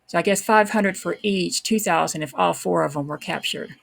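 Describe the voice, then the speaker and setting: With few pauses and a creaky, lowish voice at a moderate pace, a woman hosting a true crime podcast reads historical documents. She then tacks on her own offhand, unsure commentary.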